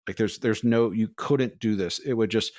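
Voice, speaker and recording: Podcast guy rambling through a story, animated, dry close mic sound. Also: on the low side, normal speed, dry recording. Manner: rambling, animated, acts out quoted voices. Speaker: podcast co-host. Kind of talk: casual storytelling.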